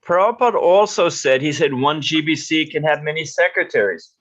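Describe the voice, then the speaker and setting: A man's voice: a little high, a little fast, a bit bright, dull audio. A man giving a lecture on leadership, telling stories and acting out quotes.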